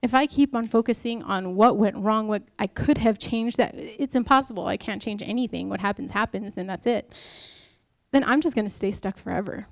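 A woman's voice: medium pitch, moderate pace, vocal fry, no echo. A young adult woman giving an informal devotional talk, chatty and candid, mixing personal stories with rhetorical questions. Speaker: speaker at a church talk.

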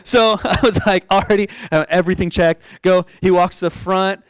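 A pastor from Oregon telling a story in a sermon, animated, laughing often and acting out the people he quotes. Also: sits high, moderate pace, clean tone, no room sound. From Oregon, USA.

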